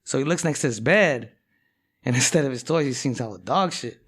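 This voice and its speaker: A man's voice: medium pitch, lively intonation, brisk, fairly bright tone, husky. A man telling a long profane joke in casual chat, rambling and full of fillers. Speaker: rapper.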